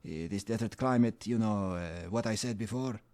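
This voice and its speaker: A man's voice: fairly low pitch, moderate pace, mellow, pitched above the performer's own voice, lightly acted. A man voicing a drunk old man in a desert tavern who rambles theatrically and begs for beer. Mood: wheedling. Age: older.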